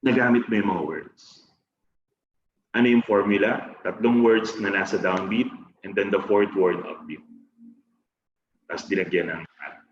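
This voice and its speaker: Filipino male music educator, lowish voice, talks through beats plainly, faint hiss behind. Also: fairly even intonation, moderate pace, pauses often. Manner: explains step by step, chants and sings example words. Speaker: music teacher trainer. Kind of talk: teaching a music lesson, Tagalog-English mix. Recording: roomy, dull lo-fi sound with faint noise.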